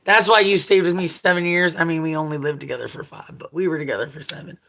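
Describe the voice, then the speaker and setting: A woman's voice: deep voice, steady tone, fast talker, vocal fry, fairly bright tone. A woman in her forties talking casually to her viewers in a blunt, profane, rambling way, laughing often. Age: 40s. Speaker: vlogger.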